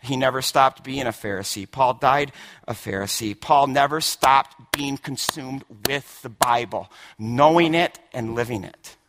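A man preaching a sermon with emphasis, often repeating words and swinging from hushed lines to shouted ones. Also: mid-range voice, unhurried, background noise. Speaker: pastor.

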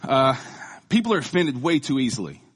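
A man's voice: mid-range voice, sing-song, fairly quick, breathy edge. A man giving a casual sermon in a conversational, joking, self-deprecating manner. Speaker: lay preacher.

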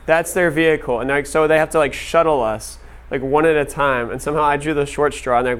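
A man giving a relaxed talk to a group, telling stories loosely and filling gaps with "like". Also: on the high side, fast talker, clean tone. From United States. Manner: conversational, heavy use of "like". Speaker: speaker teaching a group. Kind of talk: casual sermon storytelling.

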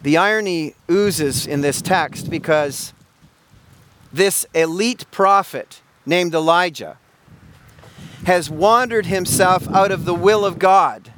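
A man's voice: high-pitched, takes it slowly, fairly bright tone, slight background noise. A male pastor preaching a sermon, asking emphatic rhetorical questions and often repeating words.

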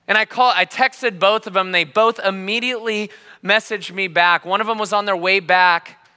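A man in his thirties preaching a sermon as a pastor, telling his story passionately, dropping quiet and then rising loud. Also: sits high, big-room sound. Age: 30s. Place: church hall.

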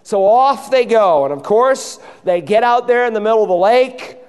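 High-voiced preaching man, reverberant hall. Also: expressive, moderate pace, a little mellow, clear, resonant tone. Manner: impassioned preaching, acting out quoted voices. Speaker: pastor. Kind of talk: sermon. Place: church sanctuary.

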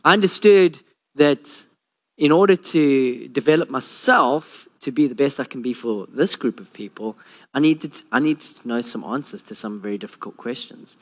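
A man, a pastor, preaching a sermon and telling a Bible story with lively acted-out quotes. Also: moderate pace. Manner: storytelling, acts out quotes with a lowered voice.

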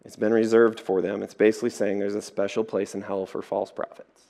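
A man preaching a sermon, telling stories in a lively way and acting out the voices in them. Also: on the low side, a little fast, gravelly, slight background noise. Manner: lively storytelling, acts out voices. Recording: echoey hall.

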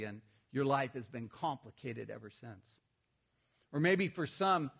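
A man preaching a sermon, telling a humorous personal story and then addressing the congregation. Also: on the high side. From Texas. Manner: storytelling, self-deprecating humor. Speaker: pastor.

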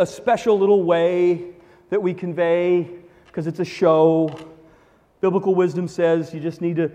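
A man's voice: a little high, warm tone, dull audio. A male pastor preaching a sermon, emphatic and repeating his key phrases for weight. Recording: long reverb of a large hall.

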